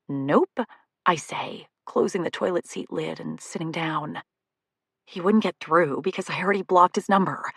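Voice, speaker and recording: A woman narrating a romantic comedy audiobook in first person, expressive and comic. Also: sits low, a little slow, vocal fry, slightly rough, dry recording, studio quality.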